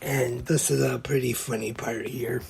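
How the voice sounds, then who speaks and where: A man's voice: medium pitch, flat delivery, vocal fry, background noise. A man hosting a podcast, retelling a comedy short scene by scene in a plain, casual way. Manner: slow, plain play-by-play retelling. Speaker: podcast host.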